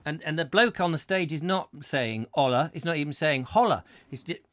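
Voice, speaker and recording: A middle-aged man hosts a comedy chat show, drifting from one whimsical tangent to the next and padding his thoughts with fillers. His voice sits a little high for a man. The sound is dry and close, with no room echo. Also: brisk, fairly bright tone. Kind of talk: comic rambling monologue.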